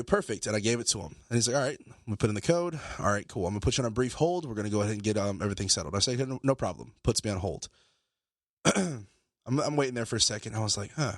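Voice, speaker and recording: Fast-talking low-voiced man telling a story. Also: no room sound, studio quality. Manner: animated, swearing, acts out both sides of phone calls. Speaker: podcast co-host. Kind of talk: casual storytelling.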